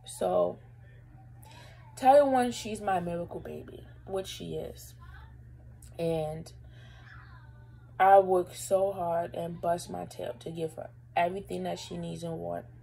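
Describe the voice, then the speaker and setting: A woman's voice: lowish voice, slow, creaky, long pauses, mellow, breathy edge, poor audio. A young woman vlogger telling a personal story to camera in a rambling, casual way, fighting back tears at times. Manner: emotional, holding back tears; rambling, lots of fillers.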